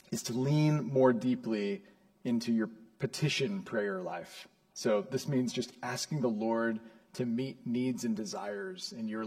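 A man preaching a sermon from the pulpit. His voice sits at an ordinary pitch, and his delivery is earnest, building from measured explanation to emphatic high points. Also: darkish tone. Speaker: pastor.

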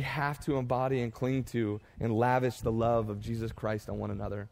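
A man's voice: mid-range voice, level tone, creaky, darkish tone, a little hiss or hum. A young man as a pastor giving a farewell sermon, building through emphatic repeated phrases, his voice catching with emotion. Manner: builds to rising emphatic repetition, then tearful and halting.

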